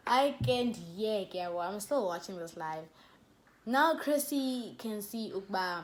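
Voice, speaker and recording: A young woman with a South African accent tells a story to her camera in a casual, chatty way. Her voice sits at an ordinary middle pitch. A faint hiss of noise runs under it. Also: slow. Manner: chatty and animated, with laughs and code-switching. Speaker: YouTuber.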